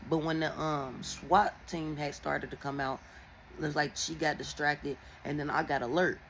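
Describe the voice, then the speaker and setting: A woman who reads tarot, telling viewers a dream in a casual, animated and heavily profane way. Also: low voice, moderate pace, slight background noise, low-quality recording. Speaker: tarot and oracle reader.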